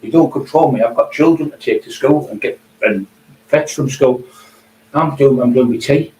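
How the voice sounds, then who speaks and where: A man's voice: mid-range voice, normal speed, mellow, close to an everyday voice. A man quoting a woman, an exasperated mother who insists and pleads with someone on the phone. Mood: pleading. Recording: echoey distant room, faint hum.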